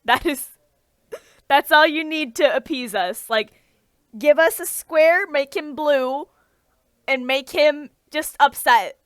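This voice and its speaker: A woman's voice: sits high, slow, no echo. A woman co-hosting a casual chat, talking with eager enthusiasm and many restarts. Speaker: podcast co-host.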